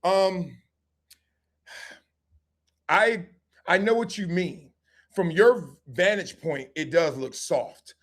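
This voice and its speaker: A man, hosting a livestream and telling lively stories, acting out voices and laughing often. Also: high voice, slow pace, pauses often. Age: 50s. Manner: animated storyteller, acts out voices, laughs often. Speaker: show host. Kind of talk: livestream storytelling and chat.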